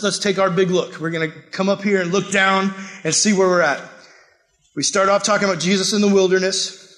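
Young male youth pastor, casual and animated sermon, fairly high voice. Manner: casual, animated youth preaching with acted-out quotes.

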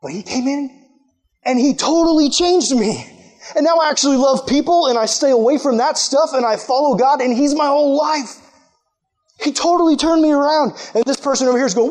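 A young man preaching a sermon as a youth pastor, energetic and excitable, acting out quoted voices as he goes. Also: very high-pitched, a little fast.

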